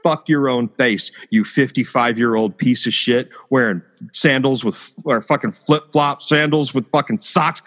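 Podcast host, man, mid-pitch voice, angry profane storyteller. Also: a little slow, hardly any pauses, fairly bright tone.

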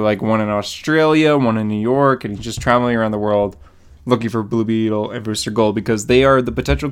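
A man co-hosting a podcast, casually talking through a comic book in a relaxed, rambling way. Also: medium pitch, clear, resonant tone. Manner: relaxed, rambling, hedging with fillers. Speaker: podcast co-host.

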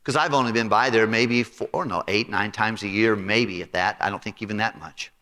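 Pastor guy telling a story from the pulpit, animated and chatty, bright tone, echoey church. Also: lowish voice, moderate pace. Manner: animated, conversational anecdote with repetitions. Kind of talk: storytelling sermon. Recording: reverberant hall.

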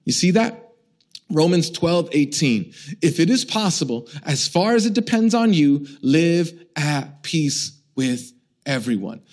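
A middle-aged male pastor preaches in a loose, conversational way, his voice sitting a little higher than most men's. He tells stories with self-mocking humor and keeps checking in with his listeners. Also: measured pace. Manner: humorous, animated storytelling with self-mocking asides; conversational, asks the congregation questions. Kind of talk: sermon.

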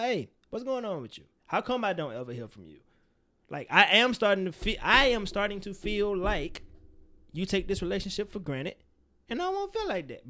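On a laid-back podcast, a young man co-hosting gives frank friendship advice in a high, bright, forceful voice. He acts out quoted lines with lots of energy and doesn't hold back on swearing.

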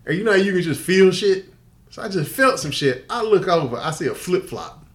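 A man's voice: high-pitched, very animated, a little fast. An older man telling a story in casual podcast chat, profane and laughing often. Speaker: podcast co-host.

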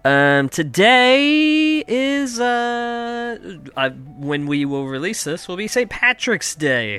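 A young Kansas man hosts a comedy podcast from his home basement, speaking slowly in a high, smooth, sharp-toned voice with big pitch swings. His monologue rambles, profane and self-mocking.

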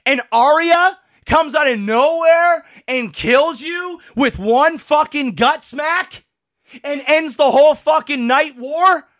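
A man co-hosting a podcast, ranting in a heated, profane and exasperated way, worked up and sweating as he shouts. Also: very high-pitched, no echo, clean studio sound. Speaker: podcast co-host.

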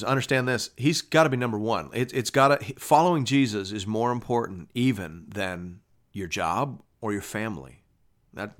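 A man preaches a sermon, reading scripture aloud and explaining it conversationally and emphatically, using rhetorical questions. His voice is medium-pitched with a fairly bright tone.

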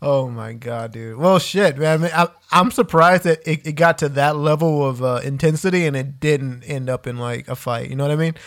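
A man's voice: on the high side, normal speed, hardly any pauses. A man, a podcast co-host, chatting casually. He is laid-back and reactive, laughs often, and says "dude" a lot. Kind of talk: casual chat.

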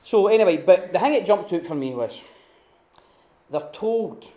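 A man giving an informal teaching talk at a retreat, telling stories with lively restarts and acted-out quotes. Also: high voice, moderate pace. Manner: animated storytelling with many restarts and acted-out quotes. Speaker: retreat speaker. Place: room at a retreat. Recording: echoey room.

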